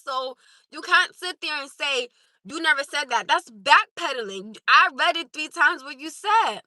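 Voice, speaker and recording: Woman livestream host, high and bright, insistent, dry close mic. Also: lively intonation, measured pace, dry recording. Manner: emphatic, insistent, repeats points. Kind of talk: live stream chat with viewers.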